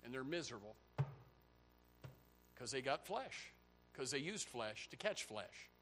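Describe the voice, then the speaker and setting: A pastor preaching a sermon, swinging from loud, high outbursts to low, quiet stretches. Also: male voice, unhurried, a little hiss or hum. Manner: animated preaching, voice rising to near shouts and dropping low.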